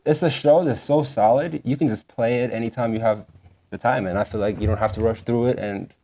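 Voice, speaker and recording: Young male podcast co-host, dark mellow tone, rambling animated casual chat. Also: mid-range voice, a little fast, a little hiss or hum. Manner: animated, rambling, heavy use of "like".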